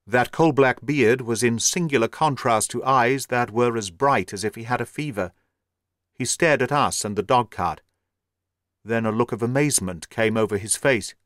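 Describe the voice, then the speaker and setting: A man giving a measured, steady narration of an audiobook. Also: mid-range voice, no room sound, clean studio sound.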